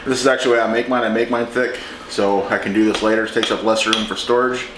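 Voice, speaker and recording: A man hosting a home cooking show, talking through a recipe in a relaxed, chatty way as he works in his kitchen. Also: lowish voice, fast, background noise. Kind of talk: casual cooking demonstration. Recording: echoey kitchen with clattering dishes.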